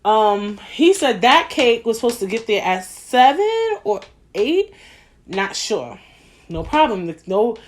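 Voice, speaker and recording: A woman's voice: fairly high pitch, slow. Blunt, profane woman. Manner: blunt, profane, animated storytelling. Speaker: podcast host. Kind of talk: casual monologue.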